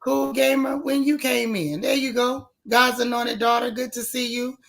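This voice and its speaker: A woman's voice: a little high, steady tone, moderate pace, gravelly, faint music behind. A woman with a strained voice, hosting a casual live stream and greeting her viewers one by one in a folksy, chatty way. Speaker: livestream host.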